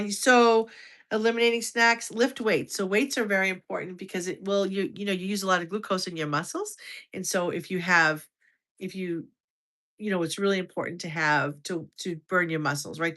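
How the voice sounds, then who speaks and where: A woman's voice: fairly low pitch, normal speed, fairly bright tone. A woman from the United States in her fifties, hosting a casual livestream, chatty and restarting sentences as she reacts to viewer comments. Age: over 50. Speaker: health livestream host.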